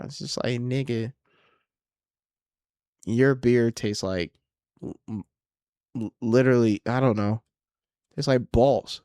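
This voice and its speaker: A man's voice: mid-range voice, steady tone, a little slow, long pauses, warm tone, clear, resonant tone, no echo, studio quality. A young man hosting his own podcast, ranting casually and profanely, rambling and exasperated. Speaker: podcast host and comedian. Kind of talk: casual solo podcast rant.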